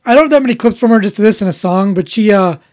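A man's voice: high-pitched, fast talker, a little mellow. A man hosting a podcast in casual chat, rambling and opinionated, often cutting himself off mid-thought. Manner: rambling, opinionated, self-interrupting. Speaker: podcast host.

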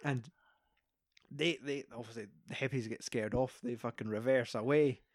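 Man, Scottish accent, casual film chat, sweary animated retelling, dry close sound, mid pitch. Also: moderate pace, dry recording.

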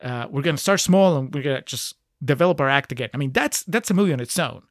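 A man's voice: medium pitch, lively intonation, fast talker, no echo, clean studio sound. A man co-hosting a casual movie podcast, critical and chatty, often laughing as he talks. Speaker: podcast co-host.

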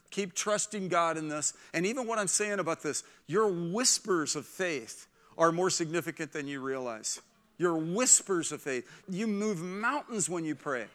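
A middle-aged man preaching a sermon as pastor, animated and acting out the voices of people in his stories. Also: high-pitched.

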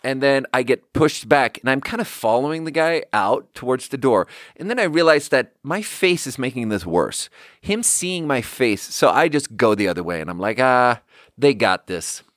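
A man's voice: mid-range voice, moderate pace, dry recording. Man telling a story, dry close sound. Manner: animated, acts out quoted dialogue; rambling with frequent "like" fillers. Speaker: podcast host and bar manager. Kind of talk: casual storytelling.

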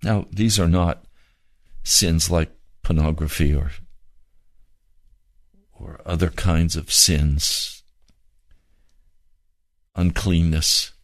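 A man preaching a sermon, fervent and pleading, with slow drawn-out emphasis. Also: sits low, steady tone, no echo.

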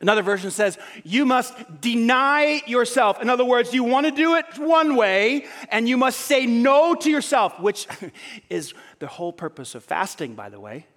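A man's voice: extremely high pitch, sing-song, normal speed, fairly bright tone. A male pastor preaching a sermon, firing rhetorical questions at his congregation. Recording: long hall reverb.

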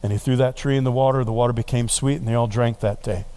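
A man's voice: mid-range voice, fairly even intonation, fast, warm tone, clean tone. A middle-aged male pastor preaching a sermon in a conversational way, often asking the congregation questions.

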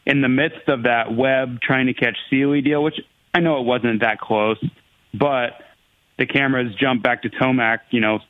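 A man's voice: mid-range voice, steady tone, moderate pace, no room sound. A man co-hosts from afar and calls in over a thin, phone-like line. He is earnest and a bit sheepish as he explains himself. His voice is dry and tinny. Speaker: co-host on a remote line. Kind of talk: casual chat.

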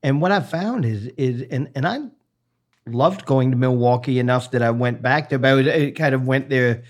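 A man's voice: mid-range voice, moderate pace. A man hosting a casual interview, easygoing, laughing along and asking friendly questions. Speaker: podcast host.

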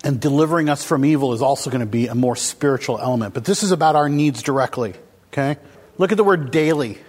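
A man's voice: mid-range voice, fast talker, a little mellow. A man preaching a casual, conversational sermon to a congregation, asking them questions as he goes. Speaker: pastor. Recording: long hall reverb.

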